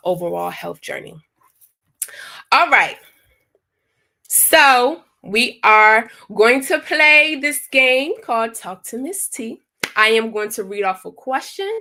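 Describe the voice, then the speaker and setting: A woman's voice: mid-range voice, creaky, bright, forceful tone. A woman hosting a live online wellness workshop, chatty and encouraging as she reads out answers from the chat.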